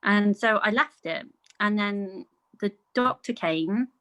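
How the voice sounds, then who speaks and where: A woman's voice: medium pitch, slow, fairly bright tone, low-quality recording. A middle-aged woman chats easily as a podcast guest. She tells her stories in a loose, conversational flow and acts out the quoted lines of others along the way. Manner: chatty, storytelling with acted-out quotes and laughs. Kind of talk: casual conversation.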